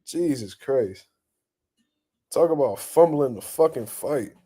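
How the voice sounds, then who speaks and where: A young man hosting boxing talk, ranting bluntly and profanely in a casual, animated way and laughing often. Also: medium pitch, takes it slowly, breathy edge. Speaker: boxing commentary host.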